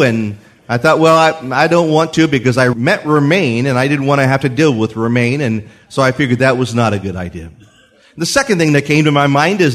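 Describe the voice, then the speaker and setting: An older man preaching a sermon in church, telling his own story in an animated way and acting out voices in the quotes. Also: medium pitch. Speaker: pastor. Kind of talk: sermon with personal testimony.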